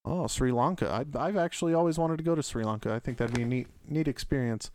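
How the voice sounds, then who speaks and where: A man's voice: medium pitch, fast talker, a little mellow, a little hiss or hum. A man hosting a casual family podcast, asking his kids easygoing questions. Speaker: podcast host, dad.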